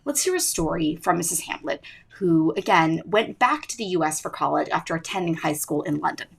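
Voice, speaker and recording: A woman's voice: low-pitched, expressive, a little fast, creaky, husky. A teenage girl hosting her own podcast, narrating with emphatic, swooping delivery. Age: teens. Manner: emphatic, rising and falling delivery. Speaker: student podcast host.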